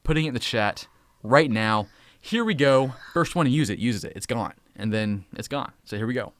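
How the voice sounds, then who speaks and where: A man's voice: mid-range voice, expressive, dry recording. Upbeat man in his thirties hosting a live stream. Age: 30s. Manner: upbeat, hurried, often hushing his kids. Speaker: host.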